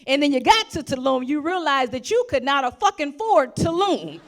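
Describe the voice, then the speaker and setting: A young adult woman doing stand-up comedy, telling profane stories in a loud, animated way and acting out the people she quotes. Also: sits high, a little fast, slight background noise.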